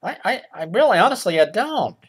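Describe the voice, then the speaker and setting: Slightly rough and high-pitched, with big swings in pitch, a man plays a comic reader of nursery rhymes in a parody children's show. He stretches the quoted lines into slow, exaggerated drawls and asks the boys and girls questions with sarcastic, feigned innocence.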